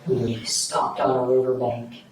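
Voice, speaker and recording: A man speaks in a low, halting way, stumbling over fillers as he recounts events during a recorded police interview. He sits well away from the microphone in a bare room that rings with echo. A steady hiss of background noise runs under his voice. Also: gravelly. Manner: quiet, hesitant, halting with many fillers. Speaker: suspect recounting a crime. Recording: echoey distant room mic with noise.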